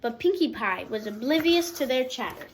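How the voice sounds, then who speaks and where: A woman reading a children's picture book aloud, expressive, pausing to explain words for young listeners. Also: a little high, slight background noise, poor audio. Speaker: storybook reader.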